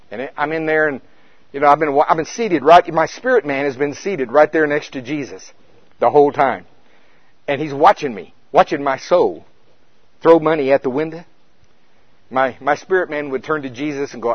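A man with a slightly high voice preaches a storytelling sermon. He swings from near shouts down to hushed asides. The recording is dull and lo-fi, with a dry, close sound. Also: normal speed, dry recording. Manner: animated, swings from loud to hushed.

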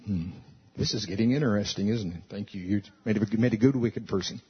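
Husky male pastor preaching. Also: fairly low pitch, brisk. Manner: animated, swinging from loud to soft, with laughs. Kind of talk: sermon. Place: church service. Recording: dull lo-fi recording.

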